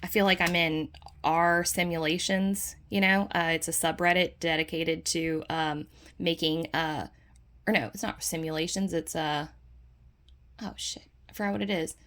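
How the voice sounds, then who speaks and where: A woman's voice: low-pitched, fairly even intonation, moderate pace, fairly bright tone. A woman chatting her way through a tarot deck, enthusiastic and full of fillers. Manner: puts on playful dog voices in quotes. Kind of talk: casual deck flip-through.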